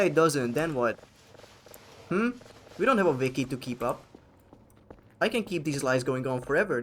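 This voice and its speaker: A man's voice: a little high, a little fast, fairly bright tone, a little hiss or hum. Sarcastic swearing male game streamer. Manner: sarcastic, swearing, joking with chat. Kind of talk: casual live gameplay commentary.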